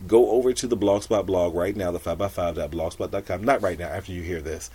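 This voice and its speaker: Chatty low-voiced middle-aged male podcast host. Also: fast, slightly rough. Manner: animated, chatty, laughs often, jumps high for exasperated quotes. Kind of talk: casual storytelling monologue.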